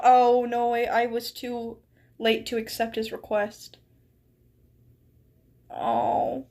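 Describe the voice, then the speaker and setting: A young woman streamer with a high voice chats casually on a live stream and breaks into giggles mid-sentence. She takes her time, speaking at an unhurried pace. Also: monotone, vocal fry, darkish tone. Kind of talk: casual live-stream chat, reading a chat log aloud.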